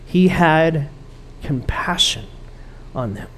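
A man's voice: a little high, lively intonation, slow, fairly bright tone, a little hiss or hum. A man pastor preaching a conversational, emphatic sermon to his church.

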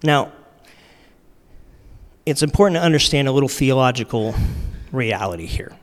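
A man preaching a sermon in a relaxed, conversational way, using slang and repeating his key lines for emphasis. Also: mid-range voice, moderate pace. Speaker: pastor. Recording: long reverb of a large hall.

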